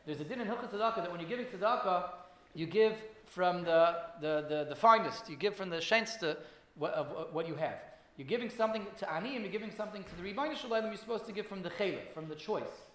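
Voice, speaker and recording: Fast-talking man teaching a Torah class. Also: high voice, animated, a bit bright, reverberant. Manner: storytelling, many restarts and repeated words.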